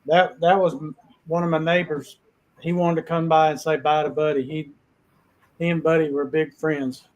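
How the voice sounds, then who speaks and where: A man's voice: fairly high pitch, flat delivery, normal speed, darkish tone, highs cut off. A man hosting a casual chat, telling long folksy stories in a rambling way. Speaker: host.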